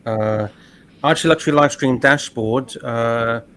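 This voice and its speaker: A man's voice: mid-range voice, a little slow, fairly bright tone. A man mumbles offhand asides as a co-host during casual chat. His voice sits in the middle range, and faint noise hums behind him.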